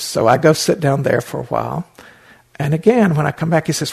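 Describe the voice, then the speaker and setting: Older guy giving a dharma talk, raspy gravelly voice, wry, lots of ums. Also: fairly high pitch, lively intonation, moderate pace, pauses often, a little mellow. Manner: anecdotal, wry, many fillers and restarts. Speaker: meditation teacher.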